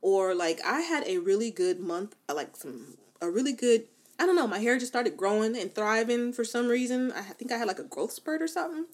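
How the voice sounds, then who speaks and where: A young adult woman talking casually to her viewers, giving self-love advice in an animated, emphatic way, with lots of "like" and "you know.". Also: a little high, a little fast, few pauses. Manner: conversational, many fillers like "like" and "you know". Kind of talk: casual motivational talk to camera.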